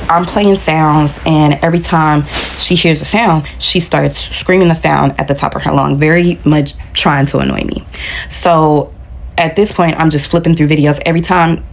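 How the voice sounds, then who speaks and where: A woman with a low voice tells a story in a relaxed storytime style. Her voice has a gravelly, fried edge, and she retells events with animation, acting out the lines of the people in it. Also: normal speed. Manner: animated retelling that acts out quoted dialogue. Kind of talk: casual storytime.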